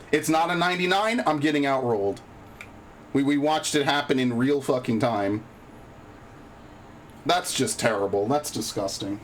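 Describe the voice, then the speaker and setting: A man with a fairly high-pitched voice livestreams a game, narrating as he plays, cursing freely and sarcastically complaining about his bad luck. He comes across as profane and easily frustrated, and there's a little background noise.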